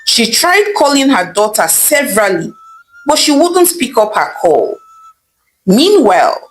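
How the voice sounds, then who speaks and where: A woman narrating a folk tale in a scripted, lively storytelling manner. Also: medium pitch, poor audio.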